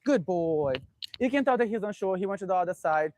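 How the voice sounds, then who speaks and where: A man working as a dog trainer, calmly explaining his method and giving short commands to a dog. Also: high-pitched, fairly quick, dry recording. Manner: calm, instructive, gives short commands to a dog.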